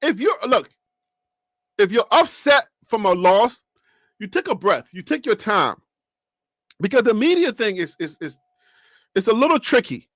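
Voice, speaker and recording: A man hosting a live sports reaction stream, animated and joking as he talks. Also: high-pitched, a little slow, long pauses, no room sound, studio quality. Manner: animated, joking, repeats himself.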